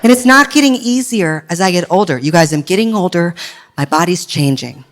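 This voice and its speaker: A man in his thirties performing stand-up comedy as a drag queen, with a sarcastic, punchy delivery and deadpan asides. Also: sits high, brisk. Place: comedy stage before a crowd. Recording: live audience laughing and clapping.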